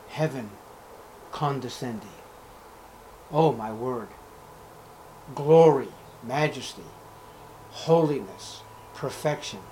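A man preaching a sermon, swinging between loud, declaiming scripture readings in old-fashioned wording and hushed, intimate asides. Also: mid-range voice, a little hiss or hum, low-quality recording.

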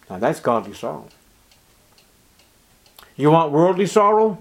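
A man preaching a sermon, acting out Bible scenes with sudden jumps in pitch and volume. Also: big pitch swings, a little slow, pauses often. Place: church.

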